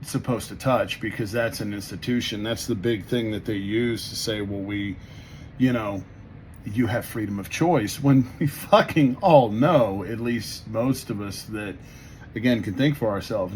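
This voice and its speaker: A man's voice: on the low side, normal speed, a little mellow, a little hiss or hum. A man co-hosting a casual political podcast, blunt and heated, swearing often. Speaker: podcast co-host.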